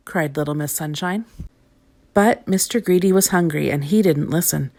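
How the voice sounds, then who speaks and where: A woman reading a children's storybook aloud, expressive and clear. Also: low-pitched, normal speed.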